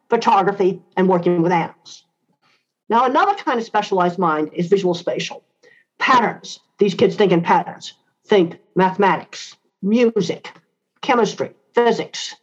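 An older woman answering interview questions in a blunt, emphatic way, repeating key points. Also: medium pitch. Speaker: interview guest. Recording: slightly dull lo-fi sound.

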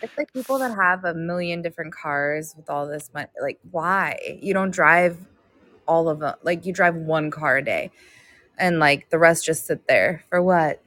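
A woman's voice: low voice, moderate pace, a bit bright, no echo, clean studio sound. A woman co-hosting a casual podcast chat, talking bluntly and joking. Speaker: podcast co-host.

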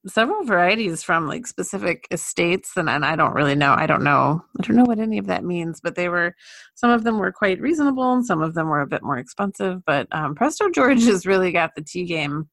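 A woman co-hosting a podcast, chatting casually in a relaxed way and laughing easily. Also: on the low side, a little fast, creaky. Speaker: podcast co-host. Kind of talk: casual chat.

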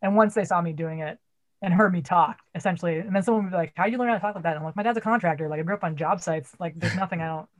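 Loud, blunt, fast-talking woman from Massachusetts. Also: on the low side. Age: 40s. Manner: loud, blunt, swears a lot. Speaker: theater stagehand and rigger. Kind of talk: casual podcast conversation.

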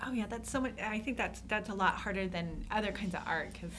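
A woman hosting a casual interview, responding warmly with short remarks and laughter. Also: mid-range voice. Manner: responsive listener with quick laughs. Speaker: interview host. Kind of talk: casual chat. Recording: noticeable background noise.

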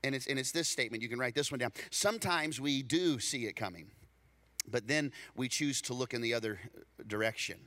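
A man preaching a storytelling sermon, animated, acting out dialogue and repeating words when excited. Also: mid-range voice, brisk. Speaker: pastor.

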